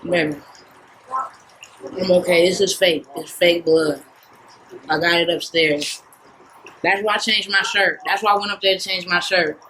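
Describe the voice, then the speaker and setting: Soft-spoken, apologetic young woman vlogger. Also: fairly low pitch, fairly even intonation, measured pace, long pauses, a little hiss or hum, rough recording. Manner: soft, apologetic, talks to viewers. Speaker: vlogger, prankster. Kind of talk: casual vlog. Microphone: phone camera.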